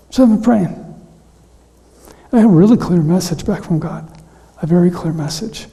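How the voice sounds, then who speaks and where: A hoarse middle-aged pastor preaching a sermon in a halting, emotional way that often sinks to a whisper. His weakened voice is husky and deeply dark. It echoes with the long reverb of a church sanctuary.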